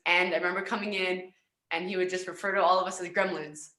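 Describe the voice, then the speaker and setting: A woman's voice: on the low side, level tone, fast, pushed and bright, reverberant. A young Canadian woman, a volleyball player, chatting in an upbeat, giggly way in an interview. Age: young adult. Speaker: guest, professional volleyball player. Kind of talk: casual interview chat.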